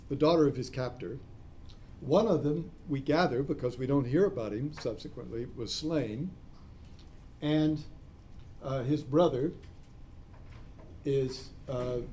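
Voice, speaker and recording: A man with a mellow, warm voice gives a classroom lecture. He talks in a discursive way, adds asides, and spells out key terms letter by letter. There is a faint hiss behind him. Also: mid-range voice.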